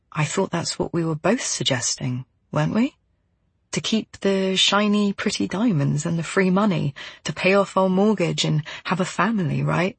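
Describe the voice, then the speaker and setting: Husky woman narrating a novel. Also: on the low side, no room sound. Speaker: audiobook narrator. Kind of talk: first-person novel narration.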